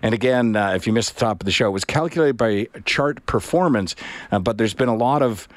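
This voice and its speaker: A middle-aged man hosting an afternoon radio talk show, chatting in a relaxed, rambling way with many pauses. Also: mid-range voice, no echo. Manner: relaxed, rambling, frequent uhs. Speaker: radio host.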